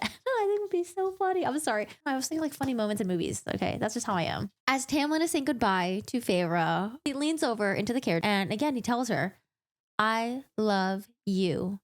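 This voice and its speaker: A young woman in a casual book recap, chatty, animated and jokey. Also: a little high, fast talker, few pauses. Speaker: book vlogger.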